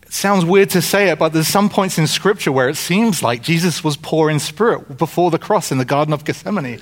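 A pastor preaches a sermon in a conversational, informal style, often restarting, going off on asides, and joking with the congregation. His voice sits on the high side, and he talks fairly quickly with few pauses.

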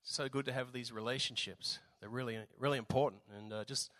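A man with an Australian accent and a slightly raspy voice, preaching a sermon in a relaxed, jokey way with lots of fillers. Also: medium pitch, fairly quick, no room sound. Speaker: visiting preacher.

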